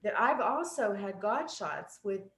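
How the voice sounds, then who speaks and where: A woman's voice: mid-range voice, lively intonation, measured pace, fairly bright tone, roomy sound. A woman guest on a talk show, telling personal stories in an earnest, reflective way. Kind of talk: casual conversation.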